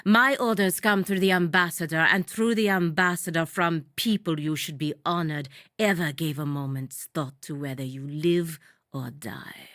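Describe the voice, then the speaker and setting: An actress voicing a cold, aloof non-human female envoy in a video game, speaking in a cool, measured and dismissive way. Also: deep voice, a bit bright, no echo, clean studio sound.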